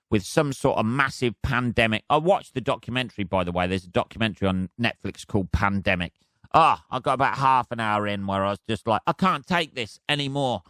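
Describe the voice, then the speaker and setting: A man's voice: lowish voice, fairly bright tone, no echo. A man hosting a solo podcast, ranting in a profane, rambling, sardonic way. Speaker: podcast host. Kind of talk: solo comedic rant.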